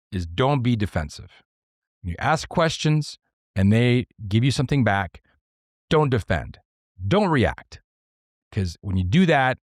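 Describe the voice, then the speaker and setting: A man talks solo on his podcast in a fairly low voice, laying out ideas point by point. He is earnest and now and then gets excitable. The recording is close and dry, with no room sound. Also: no echo. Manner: earnest, explains step by step with numbered points; excitable at times. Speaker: podcast host. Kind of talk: solo podcast talk on leadership.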